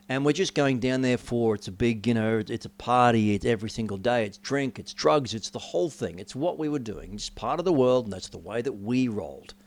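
A middle-aged man preaching a personal testimony. He tells his story with sweeping changes, rising high and loud, then dropping to near hush. His pitch sits in an ordinary male middle range. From Australia. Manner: storytelling with dramatic swings in pitch and volume. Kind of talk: sermon testimony.

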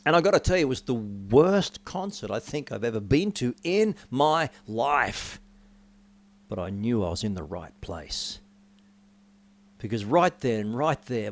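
A middle-aged man giving a sermon testimony, telling his story with dramatic rises and drops in pitch and volume. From Australia. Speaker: preacher.

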